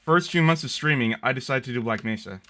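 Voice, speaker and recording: A man's voice: mid-range voice, fast, sharp tone. A Canadian man hosting a stream, chatting casually and arguing his opinions with friends. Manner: opinionated, talks over others. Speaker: streamer host. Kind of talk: casual group chat on stream.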